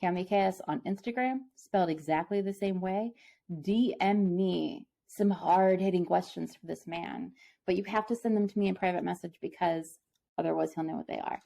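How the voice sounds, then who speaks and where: Gravelly-voiced woman co-hosting casually. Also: on the low side, mellow. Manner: playful, teasing, quick to laugh. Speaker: podcast co-host. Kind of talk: casual chat. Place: home.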